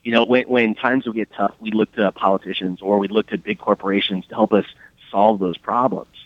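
A man speaking as a radio interview guest, upbeat but halting with many restarts. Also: lowish voice, steady tone, dry recording, dull audio. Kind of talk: casual interview talk.

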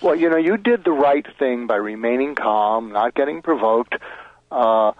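A man's voice: medium pitch, animated, normal speed, dry recording. A man being interviewed as a guest author, explaining step by step and acting out sample lines over a phone line. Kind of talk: advice interview.

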